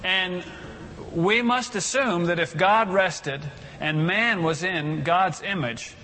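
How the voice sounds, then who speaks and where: A man's voice: sits high, slow, sharp tone, long reverb tail, slight background noise. A man giving a sermon as pastor in a conversational way, leading the congregation in reciting scripture aloud.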